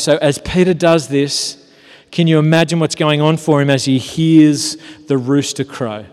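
Preacher in a big echoing hall. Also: male voice, on the high side, unhurried. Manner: conversational storytelling, rhetorical questions, swings between animated and hushed. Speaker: pastor. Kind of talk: sermon. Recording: long hall reverb.

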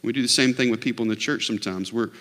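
A man preaching a sermon in a church, earnest, dropping low and quiet, then rising to loud mock shouts. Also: rapid-fire. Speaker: pastor. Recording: long reverb of a large hall.

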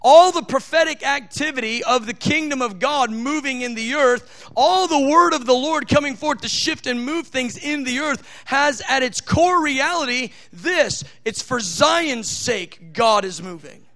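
A man preaching a sermon, teaching from scripture with fervent emphasis, rushing asides and slowing down to stress key phrases. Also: extremely high pitch, bright, forceful tone.

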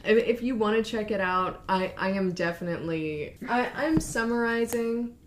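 A young woman co-hosting a podcast, casually retelling a story and acting out the quotes with lively shifts in her voice. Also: mid-range voice, normal speed, noisy background. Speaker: podcast co-host.

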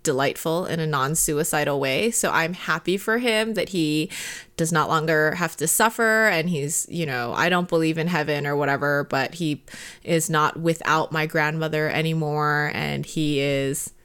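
A woman in her thirties talks casually, rambling through her thoughts with plenty of fillers and quick laughs. Her voice sits a little on the low side. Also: fairly bright tone, clear, resonant tone. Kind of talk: casual chat.

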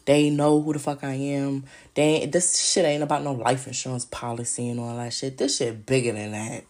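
A woman's voice: a bass voice, level tone, normal speed, darkish tone. A woman hosting a podcast alone, ranting in a heated, profane delivery. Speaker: podcast host. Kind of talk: solo podcast rant.

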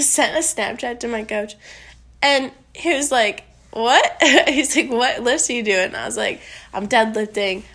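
A woman's voice: fairly high pitch, a bit bright. A woman powerlifter talking casually to camera, rambling with lots of fillers and swearing, a little congested. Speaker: powerlifter vlogger. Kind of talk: casual talking-head vlog.

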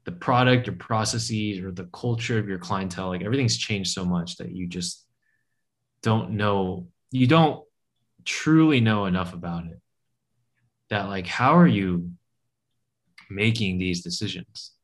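A man with a fairly low voice chats casually as a co-host. He tells rambling stories and acts out each quoted voice, with big jumps up in pitch. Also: measured pace. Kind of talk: casual chat.

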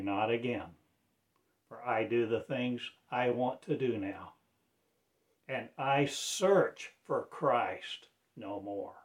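A man's voice: medium pitch, slow. A man from Arkansas giving a rambling religious address as a self-styled preacher, pleading in loose, strung-together phrases. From Arkansas, USA.

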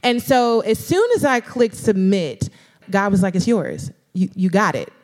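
A woman's voice: medium pitch, unhurried. A young woman, a guest speaker, telling her story in a casual, slangy way and acting out quoted voices, at a live stage event. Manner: animated, quotes herself and others in lively put-on voices; casual, slangy speech with frequent "like" and "girl".

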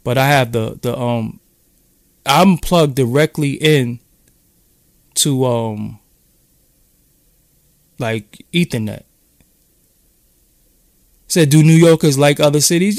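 A man's voice: mid-range voice, takes it slowly, pauses often, darkish tone, no echo, clean studio sound. A man from Brooklyn with a New York accent, rambling in casual, profane street talk as he hosts a live-stream chat. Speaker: podcast host.

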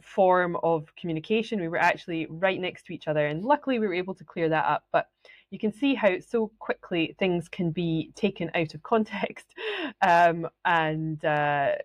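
Here a woman from Scotland runs her own podcast, spinning chatty stories, frequently laughing, and performing the voices of people she quotes. Her pitch is fairly low and the recording is dry.

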